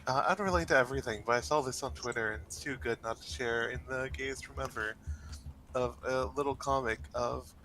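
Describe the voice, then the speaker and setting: A man's voice: mid-range voice, a little fast, bright, forceful tone, a little hiss or hum. A man chatting casually with friends during a game, sharing jokes and asides. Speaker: friend playing along. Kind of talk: casual gaming chat.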